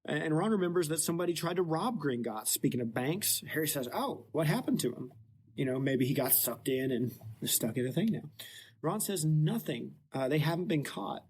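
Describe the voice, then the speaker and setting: A man hosting a casual book podcast, retelling the plot playfully with quick joking asides. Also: on the high side, a little mellow, breathy edge. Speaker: podcast host.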